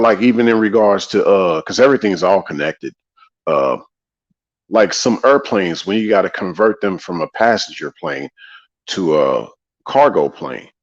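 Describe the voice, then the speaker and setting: A man hosting a casual livestream monologue, preachy and repetitive, greeting viewers in the chat between points. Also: lowish voice. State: tired after a long day. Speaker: livestream host. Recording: slightly dull lo-fi audio.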